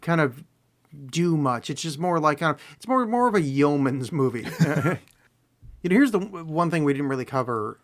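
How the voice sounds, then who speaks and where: Male co-host, slightly high voice, playful teasing banter. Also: lively intonation, moderate pace. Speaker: podcast co-host. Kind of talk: casual film-review chat.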